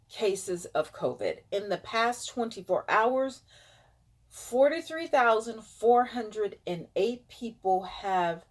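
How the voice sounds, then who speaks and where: A woman vlogging, reading out statistics in a dismayed way. Her nose is stuffed up, and she sometimes drops to a whisper to react. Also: mid-range voice. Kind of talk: casual vlog reading statistics aloud.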